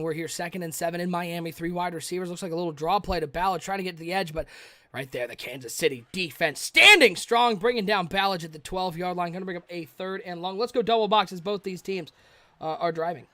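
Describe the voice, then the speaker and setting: Speaking at a quick pace in a slightly high voice, a man gives live play-by-play of video game football for his stream. He gets excitable on big plays and chats with the audience between snaps.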